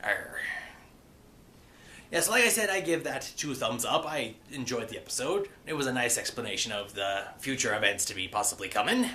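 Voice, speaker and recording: A man's voice: mid-range voice, animated, brisk, hardly any pauses, pushed and bright, slight background noise. A man giving a rambling, casual recap of a cartoon episode, with many fillers and the odd playful pirate growl.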